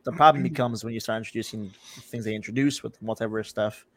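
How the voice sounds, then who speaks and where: A man's voice: lowish voice, fairly even intonation, quick pace, a bit bright, dry recording. A man hosting a casual podcast chat, blunt and steering the talk to the next topic. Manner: blunt, leads the segments. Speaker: podcast host.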